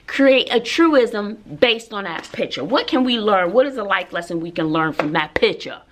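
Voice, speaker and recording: A woman's voice: medium pitch, expressive, measured pace. A woman teacher, chatting sassily to her viewers in a casual vlog, talking to them like girlfriends. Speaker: middle school teacher.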